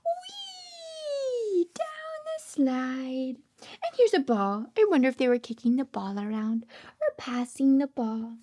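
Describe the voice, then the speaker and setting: High sing-song woman reading to toddlers. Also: sing-song, measured pace. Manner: sing-song, gasping with delight, drops to soft whispers. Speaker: speech therapist reading to toddlers. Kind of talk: children's picture-book read-aloud.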